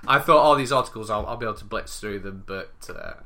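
A man co-hosting a podcast, rambling and animated, laughing and swearing as he reads stories. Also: on the low side, fast. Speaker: podcast co-host reading news stories. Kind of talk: casual podcast banter.

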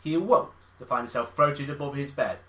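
A man co-hosting a comedy podcast, reading a story aloud in a straight, deadpan way. His voice is bright and mid-pitched, and the room sounds echoey. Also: a little fast. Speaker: podcast co-host. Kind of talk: reading a news article aloud with banter.

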